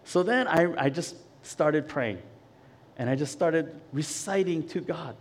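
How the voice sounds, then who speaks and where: A middle-aged man preaching a casual sermon, telling a personal story in a chatty, animated way with frequent check-ins to the congregation. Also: fairly high pitch, measured pace, a little hiss or hum. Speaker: pastor.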